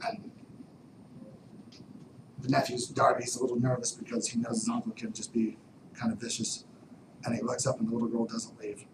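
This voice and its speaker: A man giving a motivational talk, telling stories animatedly, dropping to whispers and then bursting out loud. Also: mid-range voice, completely flat delivery, normal speed, long pauses, background noise. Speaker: motivational speaker. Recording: roomy distant mic with background ambience.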